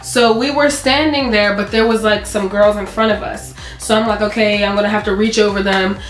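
A teenage woman co-hosting a vlog, telling stories in a gushing, excitable, casual way. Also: mid-range voice, brisk. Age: teens. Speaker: co-host of a vlog channel. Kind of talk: casual chat. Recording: roomy echo, faint background music.

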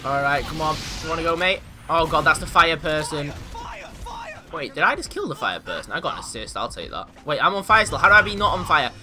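A man giving casual, excitable commentary on his own gameplay, boasting in jest and yelping when things go wrong. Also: fairly high pitch, brisk, soft background music. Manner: excitable, mock-boastful, yelps and laughs in panic.

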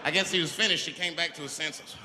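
A man's voice: a little high, quick pace, heavy background noise. A male stand-up comedian telling a profane story in a live show and acting out the voices in it. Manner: profane, animated, acts out voices. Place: large live venue. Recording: echoey hall with loud crowd.

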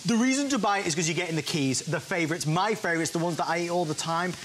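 A man's voice: sits high, fast, fairly bright tone, a little hiss or hum. A man in his thirties hosting a home shopping show, upbeat and pushing urgent sales patter. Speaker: show host.

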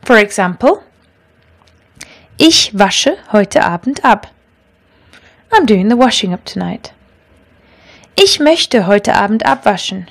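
A woman teaching a language lesson, explaining grammar rules patiently and clearly and reading out example sentences. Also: medium pitch, very animated, slow, long pauses.

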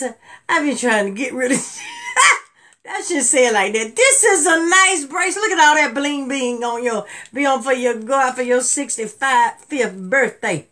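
A middle-aged woman, chatting to viewers on a live jewelry sale, laughing often and jumping from low murmurs to excited high bursts. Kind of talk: live selling stream, casual chat to viewers.

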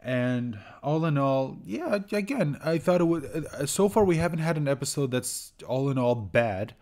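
Halting young-sounding man reviewing a show. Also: a little high, animated, darkish tone. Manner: halting, many fillers and restarts; chuckles while recounting scenes. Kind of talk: casual spoken review.

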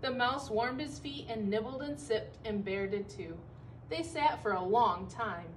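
A woman teacher reading a picture book aloud to children, expressive and stopping to comment on the pictures. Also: a little high, recorded from a distance, a little hiss or hum, low-quality recording. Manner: expressive, pausing to comment for young listeners.

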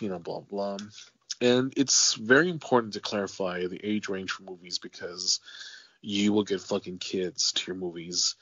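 A man hosting a podcast interview, telling animated stories full of swearing and acted-out quotes, on a dull, lo-fi, dry recording. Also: on the low side, slightly rough, dry recording. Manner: animated storyteller, swears freely, acts out quotes. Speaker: podcast host. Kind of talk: casual interview chat.

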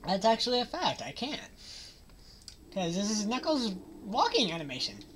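A woman's voice: medium pitch, big pitch swings, normal speed, a little hiss or hum. A woman playing a horror video game and commenting on it with sarcastic, joking, mock-cheerful remarks. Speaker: let's play gamer. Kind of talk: gameplay commentary. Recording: game music loud behind voice. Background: game music.

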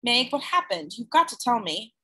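Woman doing a little boy, wise beyond his years, calm, knowing, bright high storybook voice. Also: moderate pace, husky, heavily acted.

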